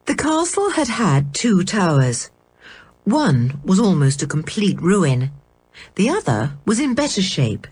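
A woman reading a children's storybook aloud in a measured, expressive way. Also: on the low side, husky, no room sound. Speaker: audiobook reader. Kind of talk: storybook narration.

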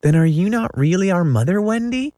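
A man's voice: sits high, animated, brisk, warm tone, no room sound, studio quality, pitched above the performer's own voice. A man doing a tiny, doubtful little boy. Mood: childlike. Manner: doubtful, childlike. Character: small sleepy youngest boy.

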